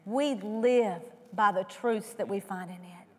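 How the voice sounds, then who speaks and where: A woman preaching a sermon who asks rhetorical questions and moves between loud emphasis and hushed tones. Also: mid-range voice, measured pace, slightly rough. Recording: long hall reverb.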